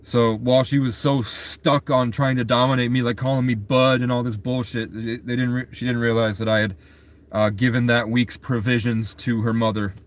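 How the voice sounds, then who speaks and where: A man's voice: mid-range voice, level tone, normal speed. A man casually retelling a story in a rambling, loose way, full of fillers and restarts.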